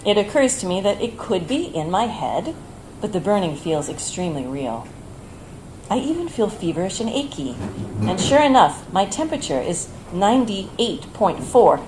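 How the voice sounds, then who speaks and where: A woman reading her own personal essay aloud at a bar event, in a measured, reflective, tender way. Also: medium pitch, a little mellow, a little hiss or hum, rough recording.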